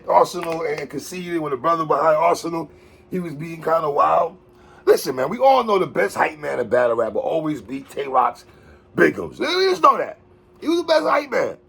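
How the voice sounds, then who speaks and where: Animated man with a gravelly voice. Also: mid-range voice. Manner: animated, slangy, excited outbursts about bars. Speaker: battle rap recap host. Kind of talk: casual recap commentary.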